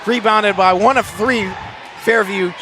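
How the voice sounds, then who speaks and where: Hoarse, high-voiced man calling basketball. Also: unhurried, noisy background. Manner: excitable, shouts big plays, laughs in disbelief. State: voice worn out. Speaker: play-by-play announcer. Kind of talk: basketball play-by-play commentary.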